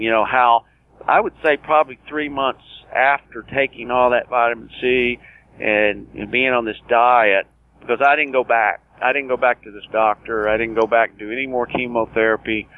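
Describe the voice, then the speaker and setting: Older man telling his story over a phone line. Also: mid-range voice. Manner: earnest, plain-spoken, with many restarts and quoted dialogue. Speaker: guest, cancer survivor. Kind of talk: personal storytelling interview.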